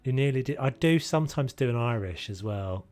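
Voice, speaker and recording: With faint music behind him, a man from the United Kingdom livestreams a game and talks to chat, drifting loosely between thoughts. He speaks a little fast with an animated, medium-pitched voice of darkish tone.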